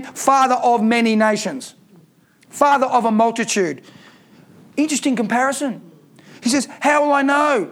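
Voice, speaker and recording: A man preaching a sermon in a strikingly high voice. He drives his points home by repeating key lines with emphasis. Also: a bit bright.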